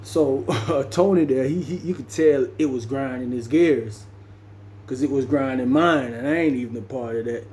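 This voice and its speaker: Casual storyteller, man from Jamaica, slangy and rambling, mellow mid-pitched voice. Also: moderate pace, a little hiss or hum. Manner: slangy, conversational, loose and rambling.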